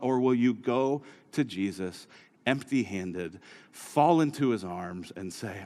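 A male pastor preaching a sermon who moves from quiet storytelling to raised, urgent exhortation. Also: on the low side, expressive, slow. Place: church hall. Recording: live sermon with long hall reverb.

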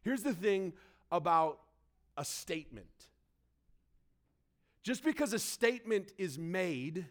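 A high-voiced man preaches to his congregation. He tells a story with lively, animated delivery and drops low and quiet for asides. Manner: animated storytelling, shouting quoted lines. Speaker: pastor. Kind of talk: sermon.

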